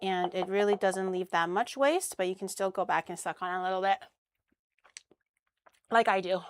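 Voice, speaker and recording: A young woman streams while cooking, chatting casually with crude jokes and easy swearing. Her voice is smooth and mid-range, delivered at normal speed.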